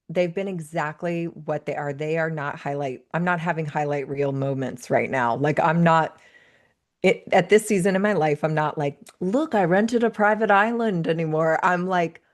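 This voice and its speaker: A woman in her thirties guests on a podcast as a life coach. Her voice sits a little low, and she talks in an earnest, reflective way, sharing stories at a steady conversational pace. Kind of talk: conversational interview.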